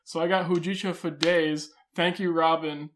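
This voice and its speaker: A man's voice: fairly high pitch, little pitch movement, normal speed, a little hiss or hum. A man co-hosting a podcast, chatting casually and laughing a lot, a little tipsy. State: has been drinking. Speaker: podcast co-host. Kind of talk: casual chat.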